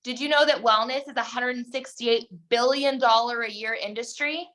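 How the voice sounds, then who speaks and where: A woman's voice: a little high, steady tone, normal speed, a bit bright. A woman coaching her team on a video call, direct and emphatic, speaking straight to her listeners. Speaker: network marketing team coach. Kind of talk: motivational team call talk.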